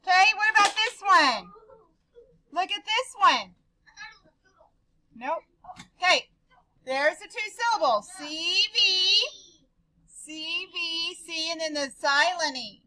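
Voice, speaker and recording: A woman teacher leading a slow, deliberate phonics drill with her class, giving short sounding-out prompts. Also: very high voice, lively intonation, sharp tone, poor audio.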